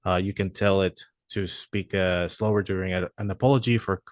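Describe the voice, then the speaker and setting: A man explaining software features in a walkthrough, hesitant and full of "uh" fillers. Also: deep voice, fairly even intonation, moderate pace, no echo, studio quality. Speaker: product presenter.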